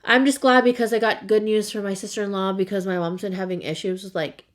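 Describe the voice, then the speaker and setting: Doing her makeup for a casual get-ready-with-me chat, this young woman tells loose stories full of "like." She's a fast talker with a mid-range voice and fairly even intonation.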